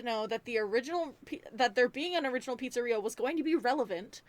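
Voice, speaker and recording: A young woman giving a casual movie review, animated and rambling, swearing freely as she rants. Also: fairly high pitch, fast, hardly any pauses, no echo. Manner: rambling, many fillers.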